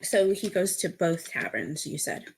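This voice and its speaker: A woman playing a tabletop game, calmly questioning a character. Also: lowish voice, unhurried, vocal fry, slight background noise. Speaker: player. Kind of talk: tabletop role-play.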